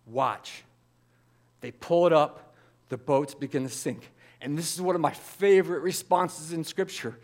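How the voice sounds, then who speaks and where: Animated man preaching a sermon. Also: fairly high pitch, unhurried. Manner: animated, acts out voices of biblical figures. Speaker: pastor.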